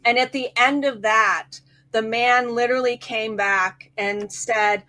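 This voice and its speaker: A woman's voice: fairly high pitch, fairly even intonation, unhurried, few pauses, pushed and bright. A middle-aged woman, a hypnotherapist guest, animatedly telling a client story and acting out the quoted voices. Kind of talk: storytelling in casual chat.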